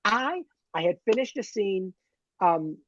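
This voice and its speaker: A man in his fifties or older, a guest telling stories in a lively, camp way with big swings in pitch. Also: brisk, dull audio, slight background noise. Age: 50s or older. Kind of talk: casual chat.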